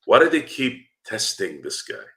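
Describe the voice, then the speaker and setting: A man's voice: fairly low pitch, big pitch swings, moderate pace, fairly bright tone. A man talking heatedly as a guest on a fan podcast, asking rhetorical questions and swearing freely. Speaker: guest commentator. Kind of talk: casual podcast chat.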